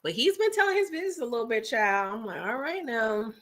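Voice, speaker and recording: Bright-voiced chatty woman livestreaming. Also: a little high, fast. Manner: chatty, animated, uses "child" and "y'all". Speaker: livestream host. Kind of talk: casual chat with live viewers.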